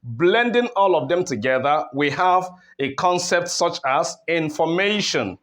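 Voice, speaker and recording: A man with a Nigerian English accent, his voice sitting a little higher than most, walks through an online lesson at an unhurried pace. He repeats terms and checks in with his listeners often, with frequent fillers. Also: expressive, fairly bright tone. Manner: explains slowly, repeats terms, many fillers and okays. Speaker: English teacher.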